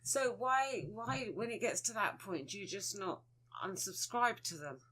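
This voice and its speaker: A woman co-hosting a casual podcast, teasing her co-host with quick interjections. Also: mid-range voice, expressive, bright, forceful tone, husky.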